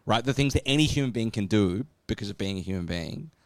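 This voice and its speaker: A man with a lowish voice talks through an idea in relaxed conversation, leaning on "like" and "right?" as he goes. The recording is dry and close, with no room sound. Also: quick pace, no echo. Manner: explanatory, filler-heavy, says "like" and "right?" often. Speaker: podcast co-host explaining catechism. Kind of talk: casual discussion.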